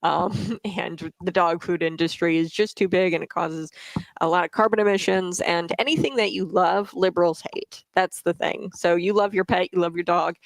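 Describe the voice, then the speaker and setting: Female talk-stream host, casual and chatty, some vocal fry, dry close sound. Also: on the low side, no echo, rough recording. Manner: chatty, quick asides, frequent fillers and laughs. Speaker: political talk show host. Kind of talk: casual livestream commentary.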